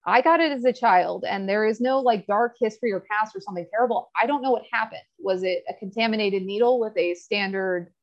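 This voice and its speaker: A candid woman telling her story, slightly lo-fi. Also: medium pitch. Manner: candid, storytelling, quick asides and laughs. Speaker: podcast guest. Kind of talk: casual interview chat. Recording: slightly dull lo-fi audio.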